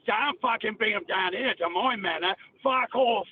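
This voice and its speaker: A man's voice: sits high, moderate pace, husky. A man putting on a crude, threatening Cockney tough guy, swearing as he barks orders. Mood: menacing. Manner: swearing, menacing bark. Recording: tinny phone line.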